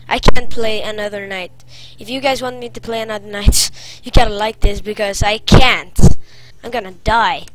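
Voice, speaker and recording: A woman with a slightly high, slightly slow, fairly bright voice gives let's-play commentary on a horror game. She's jumpy and cries out at jump scares. The audio is poor.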